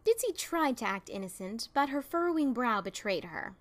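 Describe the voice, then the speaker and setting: A woman's voice: fairly high pitch, moderate pace. Woman reading a fan story aloud. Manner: expressive, voicing characters. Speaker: narrator. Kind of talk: fan fiction audiobook reading.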